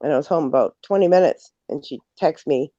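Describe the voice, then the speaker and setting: Woman, casual livestream chat, animated storyteller, laughing, mellow dark tone, dull lo-fi audio. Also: low voice, brisk, dry recording. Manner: animated, laughs while telling stories. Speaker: livestream guest.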